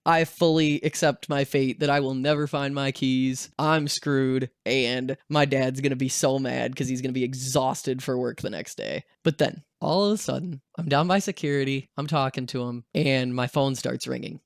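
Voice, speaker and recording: A man's voice: medium pitch, normal speed, vocal fry, few pauses, smooth, dry recording, clean studio sound. Young man telling a casual storytime. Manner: animated, swears freely, acts out voices in his story. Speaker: vlogger.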